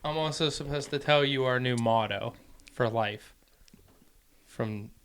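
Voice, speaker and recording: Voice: medium pitch, a little slow, clear, resonant tone. A podcast co-host with a Southern US accent, crude and laughing, swearing freely in casual chat.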